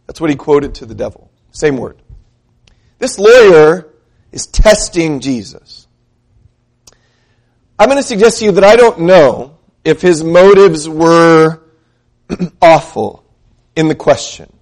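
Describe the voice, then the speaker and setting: High-voiced man preaching a sermon. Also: lively intonation, a little mellow. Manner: earnest, asks the listeners questions; slows down to read scripture aloud. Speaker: pastor.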